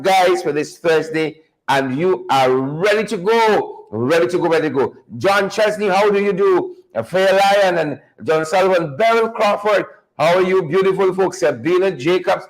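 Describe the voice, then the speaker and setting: A man's voice: sits high, unhurried, low-quality recording. Upbeat man hosting a morning show. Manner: upbeat, repeats phrases, greets viewers by name. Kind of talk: live morning show, greeting viewers.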